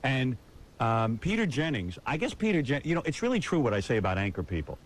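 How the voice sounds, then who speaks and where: A man's voice: mid-range voice, very animated, a little fast, poor audio. A man hosting a radio talk show, brash and mocking in irreverent banter. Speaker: radio host.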